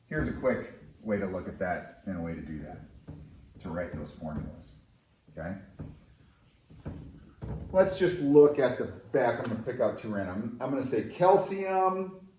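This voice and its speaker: A male chemistry teacher explains in a conversational, enthusiastic way, with his pitch swinging widely. The room sounds echoey, with faint background noise. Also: big pitch swings, measured pace, pauses often, warm tone. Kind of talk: recorded classroom lesson.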